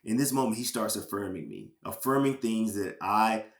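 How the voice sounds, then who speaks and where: Low-voiced man telling an earnest story. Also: animated, echoey room. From Georgia, USA. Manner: earnest, emotional storytelling with halting restarts. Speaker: podcast guest, former pro football player. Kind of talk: personal testimony in a podcast interview.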